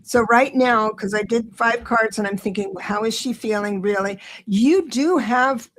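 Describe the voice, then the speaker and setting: A middle-aged woman giving an excitable, reassuring live tarot reading, talking straight to her viewers. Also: on the high side. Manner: chatty, reassuring, talks to viewers directly; excitable, rushes then slows down.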